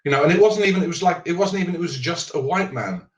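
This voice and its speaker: A man's voice: a little high, animated, quick pace. Hesitant man in echoey room. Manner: hesitant, restarts and fills often. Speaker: show host. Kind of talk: casual chat. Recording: echoey muffled audio from a distant mic.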